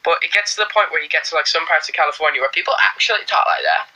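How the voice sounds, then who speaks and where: A man's voice: fairly high pitch, racing, sharp tone, poor audio. A young man in a band, chatting casually on a livestream, joking and laughing often. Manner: jokey, does silly voices, laughs often. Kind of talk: casual chat.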